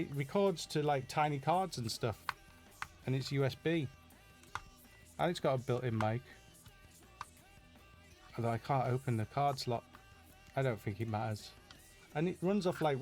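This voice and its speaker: A man's voice: medium pitch, a little mellow. A middle-aged man from Yorkshire with a Yorkshire accent, casually answering viewer questions in a live Q&A, chatty and self-deprecating with lots of fillers and restarts. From Yorkshire, England.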